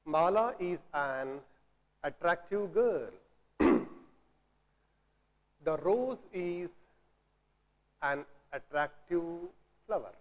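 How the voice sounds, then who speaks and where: Slow-spoken teacher, echoey hall. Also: male voice, a little high, big pitch swings. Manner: slow, repeats words, asks questions and answers them himself, clears throat. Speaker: English teacher. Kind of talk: classroom grammar lesson. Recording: long reverb, as in a hall.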